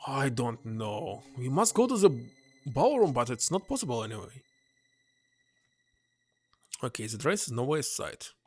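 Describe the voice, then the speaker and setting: A man playing through a text game in English, his second language. He muses hesitantly and reads passages aloud in a husky voice that moves up and down a lot. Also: mid-range voice, sing-song, moderate pace, long pauses, no echo. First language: not English. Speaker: game streamer. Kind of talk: let's-play commentary, reading game text aloud.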